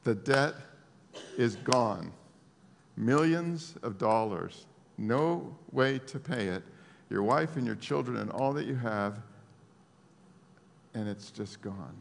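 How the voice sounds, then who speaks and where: A man preaching a sermon in a conversational, animated style, adding casual asides to the audience. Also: medium pitch, slow pace, creaky, in a large hall, slight background noise.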